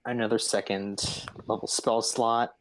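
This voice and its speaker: Slow, halting game master man. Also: on the low side, level tone, fairly bright tone, low-quality recording. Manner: halting, many fillers, tallies dice aloud. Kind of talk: narrating a tabletop game.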